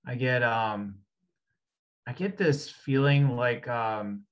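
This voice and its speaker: Brief: male host, mid-pitched, rambling with fillers, on muffled audio. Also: slow pace. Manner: rambling, hesitant with many fillers. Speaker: host and energy healer. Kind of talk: casual conversation.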